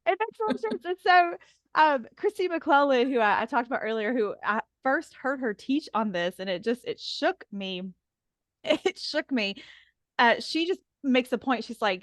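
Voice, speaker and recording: Earnest woman guest, slightly high voice. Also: lively intonation, moderate pace, dry recording. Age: adult, taught and teaches women. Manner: earnest, laughs often, many "like" fillers. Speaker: podcast guest, author. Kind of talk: casual faith conversation.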